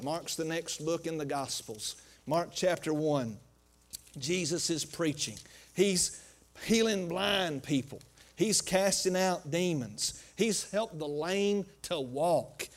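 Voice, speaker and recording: Folksy high-voiced pastor preaching. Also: male voice. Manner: folksy and animated, acts out quotes. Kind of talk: conversational sermon with storytelling.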